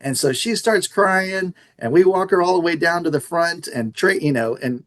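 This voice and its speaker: Middle-aged man, radio manager, casual interview, lively storyteller, voices the people in his stories, slightly high pitch. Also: moderate pace. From San Antonio area, Texas. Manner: animated storyteller acting out dialogue. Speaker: radio station manager, podcast guest.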